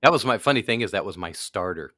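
A man's voice: on the low side, expressive, quick pace, bright, forceful tone, no echo, studio quality. A man in his fifties, a podcast guest in casual chat, joking and brash with many fillers.

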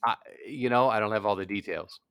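A man with a lowish voice talks casually, rambling through a story and often trailing off to restart. The sound is dry and close, with no room around him. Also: a little fast, a bit bright, smooth, dry recording. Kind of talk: casual chat.

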